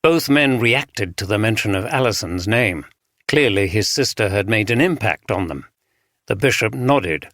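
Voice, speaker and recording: A man's voice: fairly low pitch, expressive, moderate pace, fairly bright tone, dry recording. Male audiobook narrator, dry close sound. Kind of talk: scripted narration.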